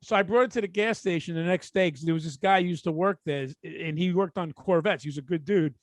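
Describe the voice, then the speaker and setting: A higher-voiced man with a New York accent trades profane jokes and stories as a podcast co-host. His voice sits close and dry on the mic, with no room echo. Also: fast. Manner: chiming in with quips, profane, laughing. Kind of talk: casual podcast banter.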